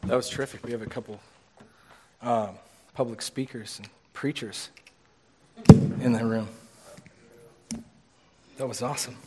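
A man's voice: mid-range voice, steady tone, a little slow, long pauses, noisy background. A man preaching an informal sermon in a church room, casual and joking with many restarts.

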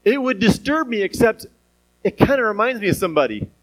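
A man with a somewhat high voice preaches a sermon. His delivery is animated and conversational, full of rhetorical questions and light chuckles. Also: a little fast, poor audio.

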